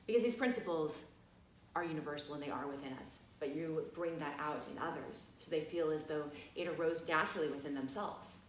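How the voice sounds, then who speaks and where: Her voice is low and a little fast as she, a massage college instructor, casually recounts a story, laughing often and leaning on fillers like "you know." There's slight background noise, and the room echoes.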